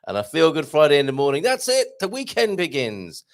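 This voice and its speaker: A hoarse man hosting a live morning show, chatting and joking in a rambling way. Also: fairly high pitch, huge pitch swings, brisk. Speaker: host. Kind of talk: casual live-stream chat.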